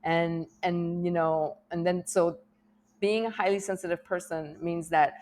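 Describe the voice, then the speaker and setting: Middle-aged woman rambling thru a personal vlog, kinda low voice, emotional, laughs a lot, keeps restarting. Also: steady tone, measured pace, darkish tone. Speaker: vlogger.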